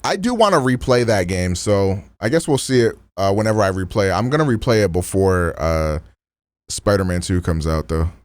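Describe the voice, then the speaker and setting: A man's voice: low-pitched, lively intonation, brisk, dry recording, clean studio sound. Slangy casual male streamer. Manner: loose and slangy, lots of "like" and restarts.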